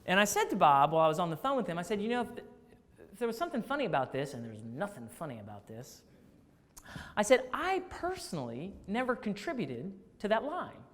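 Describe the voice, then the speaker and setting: A man speaking to a live audience of staff, telling a story with animated quoted dialogue. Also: high voice, fast, long pauses. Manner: animated, acts out phone calls in quoted voices. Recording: long reverb of a large hall.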